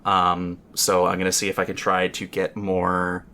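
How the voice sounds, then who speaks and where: A man's voice: low voice, completely flat delivery, normal speed, sharp tone, a little hiss or hum. A man on a podcast panel, casually telling a long, rambling story full of fillers and swearing.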